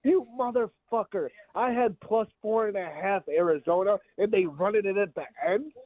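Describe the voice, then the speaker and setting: A man's voice: sits high, normal speed, no echo. A man calling in as a frustrated fan, exasperated and swearing. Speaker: caller. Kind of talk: angry fan rant on a call-in line. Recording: tinny phone line.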